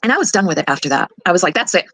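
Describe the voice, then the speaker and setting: Older woman, grandmother, indignant, worked up, rapid talk, dry close mic. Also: fairly low pitch, very animated, a bit bright, dry recording, low-quality recording. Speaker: grandmother telling her side. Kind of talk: emotional recorded account.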